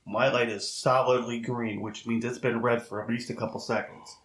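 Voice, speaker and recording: A man's voice: medium pitch, level tone, normal speed, fairly bright tone, reverberant. A man co-hosting a casual podcast, speaking in a matter-of-fact, opinionated way. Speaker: podcast co-host. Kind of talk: casual chat.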